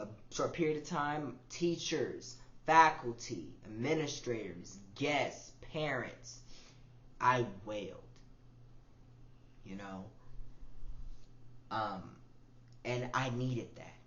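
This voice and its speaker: A man in his twenties hosting a podcast, talking through a reflective personal monologue in an emotional, repetitive way, often soft and then swelling louder. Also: mid-range voice, expressive, slow, pauses often. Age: 20s. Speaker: podcast host. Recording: roomy, dull lo-fi audio with faint ambience.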